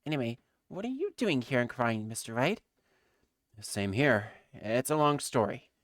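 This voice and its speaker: A woman's voice: very deep voice, sing-song, moderate pace, no room sound, clean studio sound, pitched below the performer's own voice. A woman doing Phoenix Wright, a flustered lawyer. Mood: bewildered. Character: flustered young male defense lawyer. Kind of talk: fan voice-over of a game.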